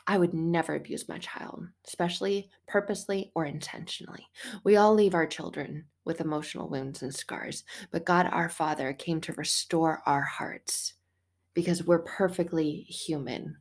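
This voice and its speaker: A woman's voice: on the low side, moderate pace, creaky. Chatty middle-aged woman podcasting about faith. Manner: chatty and animated, laughing, swearing, acting out quotes. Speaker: podcast host. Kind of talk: casual faith podcast monologue.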